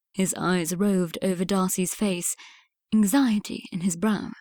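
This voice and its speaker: Woman reading a romance audiobook, calm and steady, dry close mic. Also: lowish voice, measured pace, no room sound. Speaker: audiobook narrator. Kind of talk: scripted narration.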